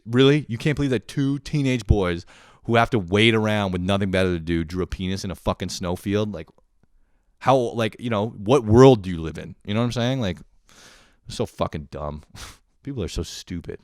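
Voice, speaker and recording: A young man from Canada talks solo for his podcast, rambling loosely and swearing freely. His voice sits low and deep. The recording is dry and close, with no room sound. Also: lively intonation, moderate pace, no echo. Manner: profane, rambling, laughing often. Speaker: podcast host. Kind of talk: casual monologue.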